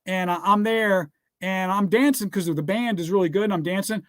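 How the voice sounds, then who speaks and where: A man whose voice sits notably high, and sounds a bit bright, speaks at normal speed in an emphatic motivational speech tying scripture to business success. "Guess what" and "all right?" recur constantly, as do his instructions to write things down. The audio is dry, without room reverberation.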